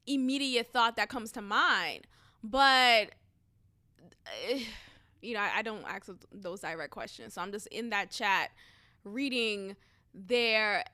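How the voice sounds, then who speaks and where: A young woman talks through her podcast alone in a loose, unscripted way. Her voice sits high and sounds bright. She speaks frankly, swears without thinking twice, and breaks into laughter as she airs her frustrations. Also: clear, resonant tone. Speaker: podcast host. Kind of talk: casual solo podcast chat.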